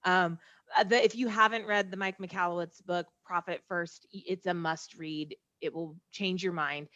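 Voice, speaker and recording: A woman's voice: on the low side, steady tone, normal speed, a bit bright, dry recording. Confident woman sales trainer, dull dry audio. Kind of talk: casual conversation.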